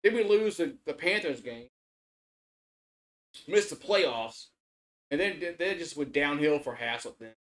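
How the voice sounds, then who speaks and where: On a stream, a man offers loose play-by-play and reactions, wandering off, restarting again and again, swearing, and working himself up. His voice sits on the high side with lively intonation and a fairly bright tone, and he takes his time, leaving long pauses.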